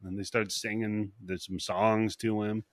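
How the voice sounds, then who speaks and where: A man's voice: lowish voice, flat delivery, a little slow, no room sound. A man hosting a podcast in casual chat, recapping a film scene by scene, laughing often and slipping into voices for the characters. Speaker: podcast host.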